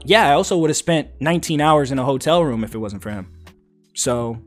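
A man's voice: a little high, fast, soft background music. A man hosting a podcast, telling a long story in casual, profane chat and acting out the quotes. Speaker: podcast host.

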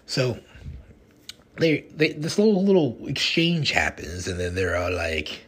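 A man hosting a podcast, rambling through a casual, animated retelling of a film. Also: on the high side, brisk, husky. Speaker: podcast host. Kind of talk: casual chat.

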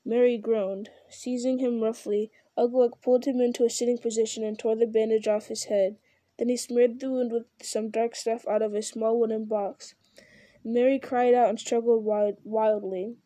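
A woman narrating a fantasy story aloud in a steady, measured reading style. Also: on the high side, no room sound. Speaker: audiobook reader.

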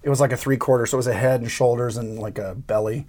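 Older male guest in his 60s, animated storyteller, acts out dialogue, laughs easily. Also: mid-range voice, fast talker. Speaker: interview guest, creature effects artist. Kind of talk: storytelling interview.

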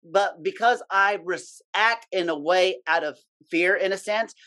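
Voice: mid-range voice, unhurried, sharp tone. A guest in a casual talk, telling a work story bluntly with plenty of swearing. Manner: blunt, salty storytelling with acted-out quotes. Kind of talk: casual podcast chat.

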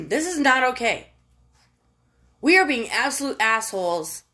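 A woman's voice: a little high, big pitch swings, unhurried, fairly bright tone. A woman from the United States delivering a casual, profane political rant, exasperated and given to emphatic outbursts.

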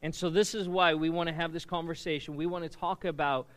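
A man's voice: a little high, steady tone, brisk. A middle-aged man preaching a sermon in a conversational way, often drawing the congregation into call-and-response. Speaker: pastor.

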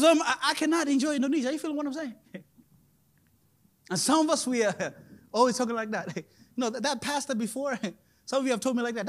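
A man in his thirties preaching a sermon as pastor, animated, laughing often and rising to loud emphasis. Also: extremely high pitch, normal speed. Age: 30s. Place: church in Indonesia.

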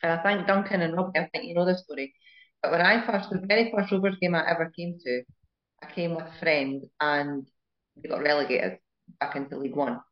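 A woman's voice: low-pitched, a little fast, highs cut off. A woman chatting earnestly and enthusiastically about her first football games. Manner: enthusiastic, earnest fan talk. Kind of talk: casual chat.

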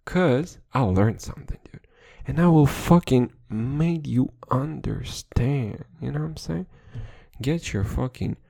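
A man's voice: medium pitch, lively intonation, unhurried, gravelly, warm tone, no echo. A young man rambles through a comedic podcast monologue with a mid-range voice. He talks in loose slang, swears freely and drops "dude" into nearly every thought. The sound is close-miked and dry, with no room around it. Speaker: podcast host.

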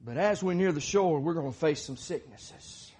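A middle-aged man preaching a sermon, moving from quiet talk to fervent shouting. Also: on the high side, lively intonation, normal speed, husky.

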